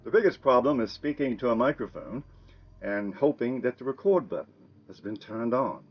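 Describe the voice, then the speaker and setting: A man's voice: medium pitch, normal speed. An older man from the American South with a Southern accent, talking in a folksy, musing way in a casual monologue to camera. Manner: folksy, musing, soft chuckles. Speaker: vlogger. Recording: muffled with soft music underneath.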